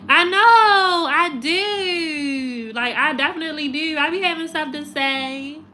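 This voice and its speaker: A woman tarot reader chats casually on a live stream, animated and laughing, swearing and mocking, before settling low and slow to sign off. Faint music plays behind her.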